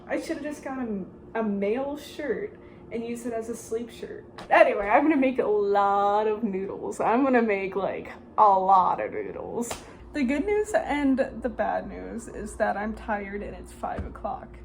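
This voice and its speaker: A woman's voice: mid-range voice, a little slow, slight background noise. A young woman from Minnesota in a chatty, joking vlog, poking fun at herself as she talks through her day. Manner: chatty, joking, self-mocking. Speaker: vlogger. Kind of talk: casual vlog chat.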